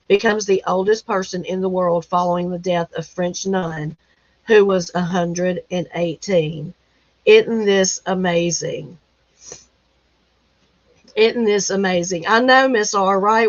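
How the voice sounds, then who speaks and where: Hosting a laid-back livestream from a rural home, a woman reads out news headlines, laughing a lot and letting loose folksy exclamations. Her medium-pitched voice comes through lo-fi, with no echo.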